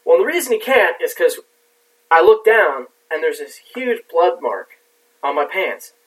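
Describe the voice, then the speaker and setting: A man's voice: on the high side, very animated, measured pace. A man telling a war story in casual talk, rambling and swearing with lots of fillers. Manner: profane, rambling with many fillers. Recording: distant mic.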